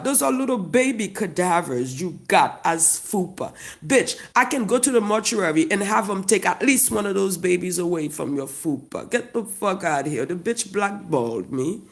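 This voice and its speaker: A comedian with a Haitian accent tells a profane, loud, mocking story straight to camera. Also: mid-range voice.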